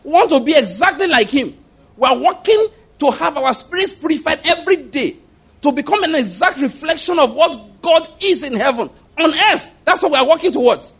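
A middle-aged male pastor preaching a sermon in an emphatic, animated way, often repeating his phrases. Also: very high-pitched.

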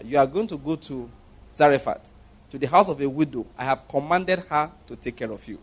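A man's voice: mid-range voice, darkish tone, slightly rough. A man preaching a sermon as a pastor, emphatic, repeating phrases and firing rhetorical questions at his listeners.

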